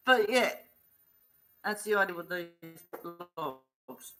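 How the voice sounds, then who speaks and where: Middle-aged woman, vlogger, blunt earnest storytelling, clear bright tone, slow delivery. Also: fairly low pitch, faint music behind, low-quality recording. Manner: slow, earnest retelling with blunt colloquial talk. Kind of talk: casual storytelling vlog.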